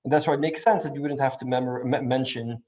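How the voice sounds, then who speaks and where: A man's voice: medium pitch, steady tone, fast, darkish tone. A man giving a Torah class, thinking aloud with frequent restarts and asking "right?" to check in with his listeners. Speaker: Torah teacher.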